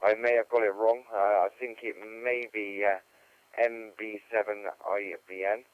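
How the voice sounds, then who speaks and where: A man's voice: fairly low pitch, level tone, moderate pace, smooth, dry recording. A man hosting an amateur radio net, talking in a chatty, rambling way with lots of fillers. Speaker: net host. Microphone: amateur radio transceiver mic. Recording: tinny radio link.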